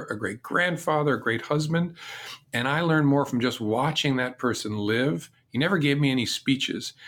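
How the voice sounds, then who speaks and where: A man's voice: fairly low pitch, fairly bright tone. A middle-aged man answering interview questions, telling his career story in an earnest, reflective way. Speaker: interview guest.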